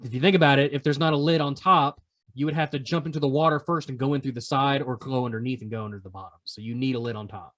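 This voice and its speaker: A man's voice: mid-range voice, steady tone, fast, a bit bright. A man hosting a podcast quiz segment, teasing the players in a playful, casual way. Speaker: podcast host running a quiz. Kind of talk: casual chat.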